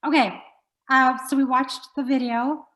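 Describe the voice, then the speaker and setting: Brief: woman host, relaxed chatty delivery, slightly high voice, laughs a lot. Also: measured pace, low-quality recording. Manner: easygoing, laughs often. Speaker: radio show host. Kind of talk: casual interview.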